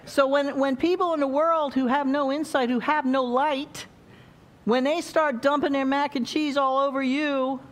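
Her voice pitched high, a woman delivers a conversational sermon and keeps asking the congregation questions to check in with them.

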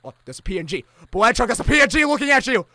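A man hosting a let's-play reaction, jokey and excitable, breaking into shouts. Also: very high voice, very fast, no echo. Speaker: gaming channel host.

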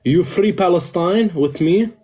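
A man's voice: high-pitched, measured pace, warm tone. A man calling in to a live stream, talking in playful broken English with a put-on accent.

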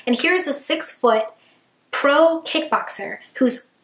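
A woman vlogger recounts a story in a lively, chatty voice, sprinkling in fillers and acting out what people said. Her pitch sits in the middle of the range. The room gives the voice a noticeable echo. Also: slow pace. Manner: animated storytelling full of "like" and acted quotes. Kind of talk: storytime vlog.

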